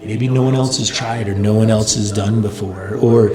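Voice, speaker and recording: Speaking at a moderate pace in a lowish voice, a male company founder spins animated stories during a relaxed interview, rising in pitch as the tales build. The audio is roomy, with crowd noise behind him.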